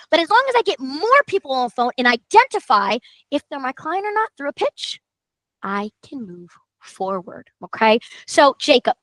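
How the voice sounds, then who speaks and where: Excitable high-voiced woman coaching. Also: dry recording, low-quality recording. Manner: emphatic, excitable, repeats for emphasis. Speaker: marketing coach host. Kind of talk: energetic training call.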